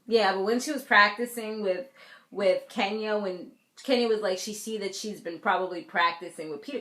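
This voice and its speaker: An American woman from a Caribbean family, doing a casual reality TV recap in a sassy, animated way, talking straight to her viewers. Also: mid-range voice, echoey room. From Caribbean family, raised in the US. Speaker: TV recap vlogger.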